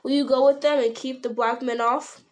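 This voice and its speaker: A woman reading the part of a grim male ranger in a storybook reading, speaking low, measured and blunt. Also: fairly even intonation, lightly acted. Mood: scornful. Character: grim, quiet male ranger, weathered wanderer.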